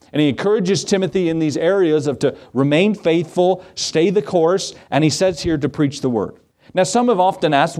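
A man's voice: fairly high pitch, darkish tone. Conversational man preaching a sermon. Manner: conversational preaching with asides and audience questions. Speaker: pastor. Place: church sanctuary.

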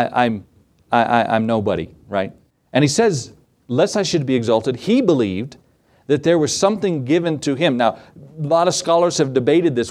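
A man's voice: mid-range voice, a little mellow. A man preaching a sermon as pastor, earnest and direct, rising to emphatic peaks and acting out the prayers of the faithful.

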